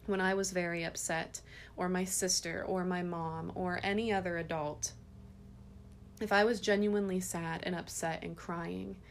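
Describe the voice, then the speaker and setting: A woman in her thirties hosting a parenting podcast, telling a story about her kids in an earnest, gentle way. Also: mid-range voice, slight background noise. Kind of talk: casual parenting podcast talk.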